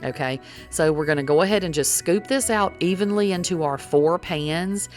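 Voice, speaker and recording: A middle-aged woman with a low voice talks viewers through a recipe in a chatty, folksy way, calling them y'all. Faint music plays quietly behind her. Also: normal speed. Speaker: cooking vlogger. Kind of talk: casual cooking demonstration.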